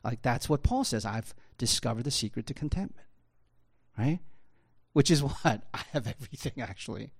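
A man's voice: medium pitch, lively intonation, moderate pace, husky. A man preaching a sermon as a pastor, in a conversational style with many fillers and tag questions. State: choked up at times.

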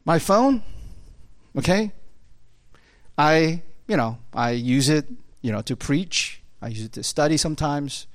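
Lively, chatty male pastor preaching. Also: a little high, measured pace, long pauses, dry recording. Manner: casual and chatty, full of fillers, laughing often. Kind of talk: conversational sermon.

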